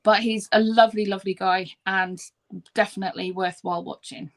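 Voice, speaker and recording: A woman's voice: medium pitch, fairly even intonation, a little fast. A woman, a guest on a live video chat, talking enthusiastically with many ums. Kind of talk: casual chat.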